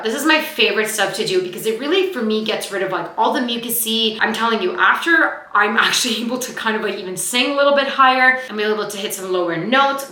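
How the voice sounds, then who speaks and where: A young woman who talks fast and chatty as she teaches actors vocal warmup exercises. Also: fairly high pitch, roomy sound, rough recording. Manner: fast-talking, chatty, demonstrates exercises aloud. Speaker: acting coach.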